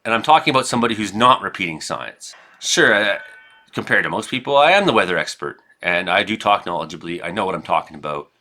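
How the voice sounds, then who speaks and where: A Canadian man giving casual, rambling commentary over his own gameplay, shifting between chat and loud reactions. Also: deep voice, quick pace. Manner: rambling, excitable, reacts loudly to hits. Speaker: gaming streamer and weather forecaster.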